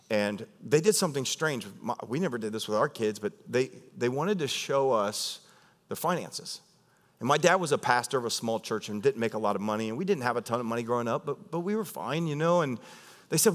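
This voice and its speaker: A male pastor with a mid-range voice preaches a sermon in a large hall, keeping it conversational and animated. He frequently poses questions to the congregation.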